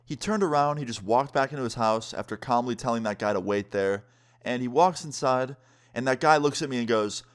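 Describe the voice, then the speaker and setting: A man's voice: mid-range voice, a little fast. A young man telling a casual storytime as a vlogger, chatty, full of fillers, acting out what others said. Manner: acts out quotes of others.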